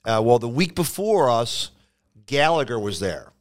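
A man hosting a podcast, a comedian telling animated stories in casual chat. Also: medium pitch, a little slow. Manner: animated storyteller, laughs while telling.

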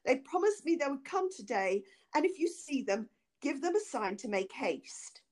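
A woman voicing a frightened young noble wife who pleads for her life in a high, anxious voice. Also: big pitch swings, normal speed, a little mellow. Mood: desperate.

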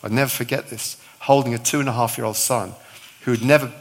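A man's voice: mid-range voice, steady tone, quick pace. A middle-aged male visiting preacher giving a sermon, telling a story with acted-out dialogue and touches of humour.

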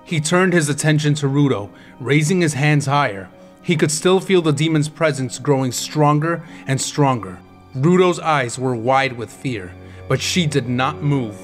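A man's voice: on the high side, animated, unhurried, soft background music. A man narrating an audiobook chapter with dramatic, intense storytelling.

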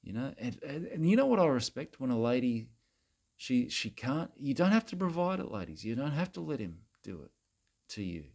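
In a satirical comedy monologue to camera, a man plays a crude, self-righteous Australian bloke ranting preachily at women. His mid-range voice swings widely in pitch at a moderate pace, creaky and a little mellow. The rant rambles and repeats, with "mate" and "bloody" coming constantly.

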